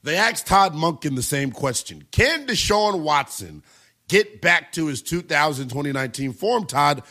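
A man's voice: fairly high pitch, big pitch swings, normal speed, bright, forceful tone. A man hosting a sports talk radio show, giving brash, emphatic opinions and taking calls.

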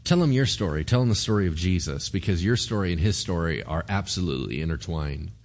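A man, a pastor, giving a conversational sermon in an animated way and often checking in with the congregation. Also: deep voice, fast talker. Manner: animated, keeps asking the congregation "right?".

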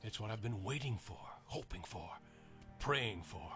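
An actor playing a calm, steadfast apostle, gentle and resolute. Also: male voice, on the low side, measured pace. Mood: serene. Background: music.

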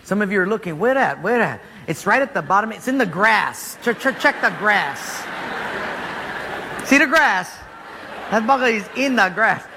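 A man preaches with a bright, high voice that leaps around in pitch, joking and acting out scenes as he goes. His voice rings through a large hall with a long reverb. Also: normal speed, gravelly, noisy background. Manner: animated, jokey, acts out scenes. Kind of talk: sermon storytelling.

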